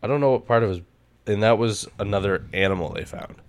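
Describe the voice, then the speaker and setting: A man's voice: lowish voice, fast. A man co-hosting a podcast in casual chat, joking crudely and swearing a lot. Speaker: podcast co-host.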